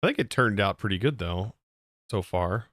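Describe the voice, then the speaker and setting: Streamer, male, bright and clear, dry close sound, loose rambling chat. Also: lowish voice, animated, moderate pace, no echo. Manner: rambling, with frequent restarts and laughs. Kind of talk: casual gameplay livestream chat.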